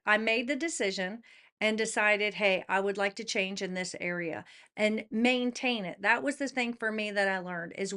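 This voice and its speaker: A middle-aged woman talking casually to camera in a chatty, excitable way, laughing at herself as she gives motivational advice. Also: a little high. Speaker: motivational vlogger.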